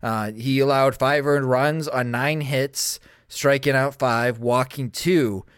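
A man hosting a casual sports talk show, running through stats briskly and turning questions to his co-host. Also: mid-range voice, fairly even intonation, smooth, no room sound, studio quality. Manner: brisk, stat-heavy, addresses co-host. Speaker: podcast host.

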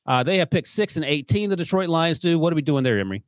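Man, podcast host, quick, joking, dry close sound. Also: on the high side, expressive, no room sound. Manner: quick, joking, steers the show. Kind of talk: casual sports talk.

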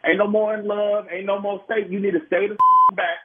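A man's voice: high voice, level tone, fairly quick, husky. A man in a heated phone argument, angry, profane and stammering as he confronts the caller. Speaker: prank call target. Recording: tinny phone line.

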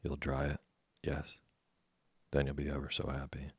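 A dryly amused German gentleman who needles a boastful youth, read by a man. The voice is extremely deep and husky and stays flat. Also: moderate pace, dry recording, heavily acted. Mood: sly. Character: dry, teasing German gentleman passenger.

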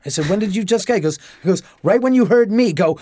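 A man telling a story as a podcast guest, animated and profane, acting out the dialogue. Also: high voice, fast, a little hiss or hum. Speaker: homeowner guest.

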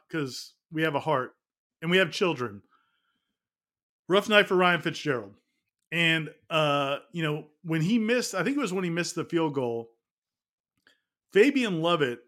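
Dude with a higher voice swapping football stories, laughs a lot. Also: male voice, bright, forceful tone. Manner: laughing, teasing, storytelling. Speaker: sports podcast co-host. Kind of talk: casual sports chat.

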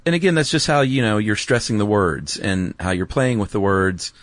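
A man's voice: fairly low pitch, animated, normal speed, no room sound. A man co-hosting a podcast, laid-back and wry, with many "um"s as he explains. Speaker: podcast co-host. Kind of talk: casual educational chat.

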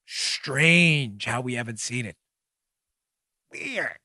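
A man hosting a political podcast, delivering sarcastic, mocking commentary in an animated way. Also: medium pitch, drawn-out words, no room sound, clean studio sound. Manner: mocking, animated, laughs at own jokes. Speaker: podcast host.

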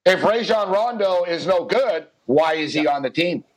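A man's voice: high-pitched, lively intonation, low-quality recording. A man co-hosting a sports podcast, telling joking stories in casual banter. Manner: joking storyteller, quick asides. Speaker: podcast co-host.

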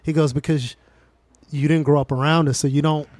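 A man in his forties, a stand-up comedian telling stories in a casual podcast chat, animated and profane. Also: on the high side, fairly quick, no echo. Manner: profane, animated storyteller, laughs often.

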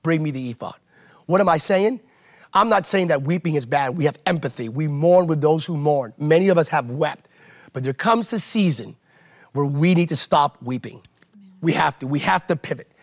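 High, gravelly-voiced preaching man. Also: animated, moderate pace. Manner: emphatic, repeats phrases for rhetorical effect. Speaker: pastor. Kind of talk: impassioned sermon-style preaching in conversation.

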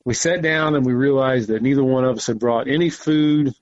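A man's voice: medium pitch, fairly quick, no room sound, dull audio. Man telling a hunting story. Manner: animated, swears often, acts out quotes. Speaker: podcast guest, hunter. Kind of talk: casual storytelling.

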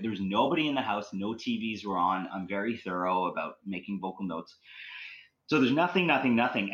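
A man's voice: fairly low pitch, a bit bright. A man telling ghost stories as a podcast guest, rambling with many likes and restarts. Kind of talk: casual storytelling.

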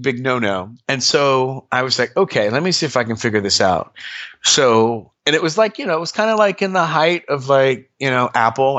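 A man being interviewed, telling stories in a casual, animated way with lots of fillers and sudden jumps in pitch. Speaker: interview guest. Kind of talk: casual storytelling.

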